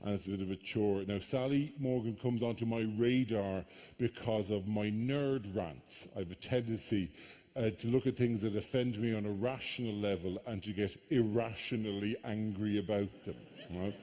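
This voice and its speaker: An Irish man doing live stand-up comedy on a theatre stage, telling stories with animated mock outrage. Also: lowish voice, normal speed. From Ireland. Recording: live theatre with long reverb.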